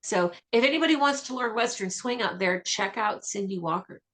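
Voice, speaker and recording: A woman vocalist talking as a guest in a radio interview, chatty and enthusiastic with quick asides. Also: mid-range voice, expressive, fairly bright tone.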